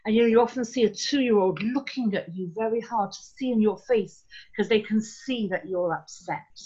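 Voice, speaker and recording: A woman giving a parenting workshop talk in a measured, thoughtful way, with frequent ums and words slowed for emphasis. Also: a little high, dark tone, breathy edge. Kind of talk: live online talk. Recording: dull lo-fi sound.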